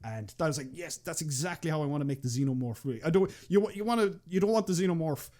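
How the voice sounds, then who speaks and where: A man's voice: on the high side, expressive, quick pace, mellow. A young Irish man chatting casually on a podcast as a guest, rambling with many restarts and fillers and swearing freely. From Ireland. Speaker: podcast guest, machinima creator.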